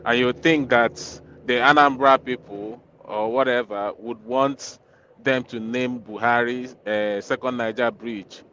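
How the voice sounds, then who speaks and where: A man's voice: mid-range voice, steady tone, measured pace, fairly bright tone. A man challenging the others with rhetorical questions in a political discussion. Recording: dull lo-fi line with faint noise.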